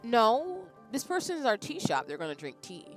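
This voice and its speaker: A woman's voice: on the high side, wildly swooping pitch, moderate pace, faint music behind, pitched above the performer's own voice. A woman voicing Alta, a stubborn, rule-bound young woman fighter, speaking in an indignant, insistent way.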